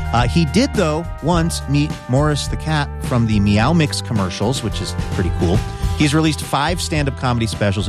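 A man with a mid-range voice reads a scripted introduction, dry and wry in tone. Music plays clearly under his words. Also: medium pitch. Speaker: host introducing a comedian.

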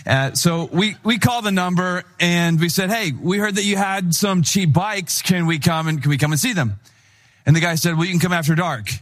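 Young pastor telling a lively story. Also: male voice, sits high, normal speed. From Wisconsin. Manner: animated storytelling, acting out quoted voices. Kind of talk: sermon.

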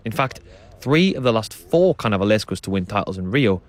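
Male documentary presenter with a slightly low voice, calm and descriptive. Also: a little fast, a little hiss or hum. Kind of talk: documentary narration and on-site reporting.

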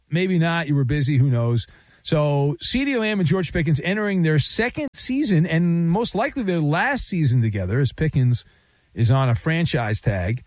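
A male sports radio host riffing through a monologue with sarcasm and playful asides. His pitch rides high and swoops widely, full of mock outrage. The sound is dry and close, like a studio mic. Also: no echo.

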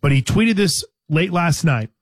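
A man's voice: on the high side, expressive, unhurried, no echo. Conversational male sports radio host, dry studio. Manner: conversational, hesitant restarts, teasing. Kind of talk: casual sports talk.

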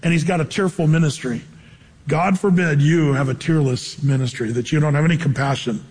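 With a husky, brisk voice on the high side, a pastor delivers a conversational sermon, quizzing the crowd with rhetorical questions and varying how loud he speaks. The large hall gives his voice a long, ringing reverb.

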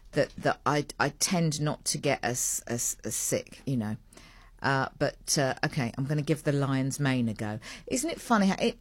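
Low-voiced rambling radio host woman. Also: no room sound, studio quality. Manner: rambling, self-mocking, digressive. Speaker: radio breakfast show host. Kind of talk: chatty radio banter.

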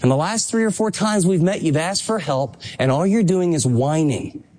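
A man's voice: lively intonation, moderate pace, a little mellow, slight background noise. A male pastor preaching a sermon, emphatic and impassioned, pressing his points with urgency. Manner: impassioned, emphatic preaching with rising pitch on exhortations.

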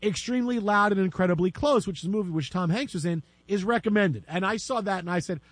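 A man hosts a casual sports chat and tells jokey, animated stories. His voice is high for a man, and the sound is dry and close. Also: quick pace, hardly any pauses, no room sound. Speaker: sports podcast host.

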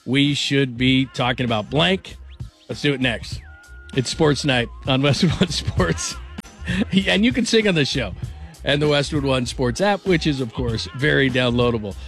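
A man's voice: mid-range voice, lively intonation, normal speed, vocal fry, fairly bright tone, soft background music. A man hosting a sports radio show in a casual, rambling, self-deprecating way at a studio mic.

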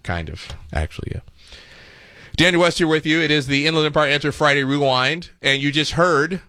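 A man's voice: a little high, lively intonation, a little fast, pushed and bright, no room sound, studio quality. A male radio host giving sarcastic, mocking running commentary over played clips. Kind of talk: comedic talk radio commentary.

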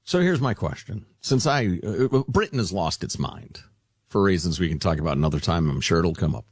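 A man's voice: deep voice, animated, a little fast, breathy edge, no echo, studio quality. A man co-hosting a talk radio show in playful, joking banter with mock-grandiose asides. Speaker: radio co-host.

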